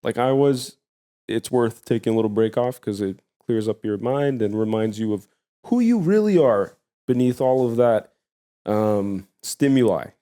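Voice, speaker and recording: A man's voice: mid-range voice, unhurried, dark tone. A man with an American accent, hosting a casual chat and rambling with many fillers. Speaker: host.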